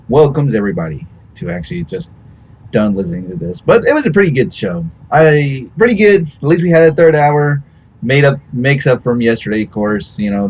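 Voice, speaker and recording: A man hosting a casual post-show chat as streamer, talking haltingly with many restarts. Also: mid-range voice, darkish tone, slight background noise. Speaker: host and streamer.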